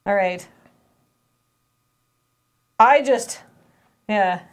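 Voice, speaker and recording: A woman in casual brainstorming with fellow writers, chatty and quick to laugh, restarting sentences as she thinks. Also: medium pitch, clean tone. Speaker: sketch writer.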